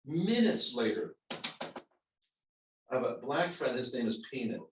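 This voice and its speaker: A man who is a pastor, telling a personal story to his congregation in a conversational, halting way with restarts. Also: medium pitch, big pitch swings, background noise. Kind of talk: storytelling sermon. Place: church sanctuary. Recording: echoey church hall, mic at a distance.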